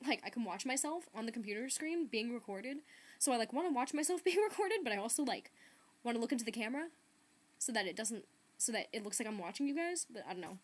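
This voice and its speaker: A woman's voice: a little high, animated, fast talker, rough recording. Chatty young woman on a webcam. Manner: chatty, filler-heavy, lots of "like" and "um". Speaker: book vlogger. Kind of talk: casual vlog chat. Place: bedroom. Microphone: laptop webcam mic.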